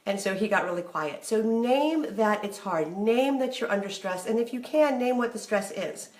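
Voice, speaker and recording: A woman's voice: medium pitch, expressive, normal speed, a little mellow. Chatty middle-aged woman, echoey room. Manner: chatty, candid, acts out remembered dialogue. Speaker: marriage advice host. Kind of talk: casual talk to camera.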